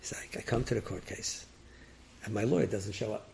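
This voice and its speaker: Guy telling a story, gravelly voice, lively, does the voices. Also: fairly low pitch, a little fast, a little hiss or hum. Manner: lively, acts out characters with rising excited voices and laughs. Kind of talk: animated oral storytelling.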